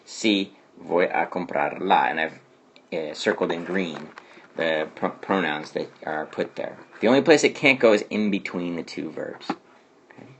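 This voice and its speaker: A man's voice: deep voice, normal speed, slight background noise. A man teaching a Spanish grammar lesson who explains patiently and keeps asking "okay?" to check understanding.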